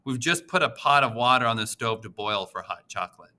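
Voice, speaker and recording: Bright-voiced male audiobook narrator. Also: medium pitch, brisk. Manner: expressive, emotional first-person reading.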